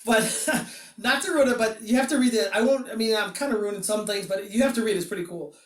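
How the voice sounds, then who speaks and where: A man's voice: fast, a little hiss or hum. Rambling man in a roomy room. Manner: rambling, laughing, acts out quotes in a high voice. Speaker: podcast host reviewing comics. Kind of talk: casual podcast chat. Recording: roomy echo, distant from the mic.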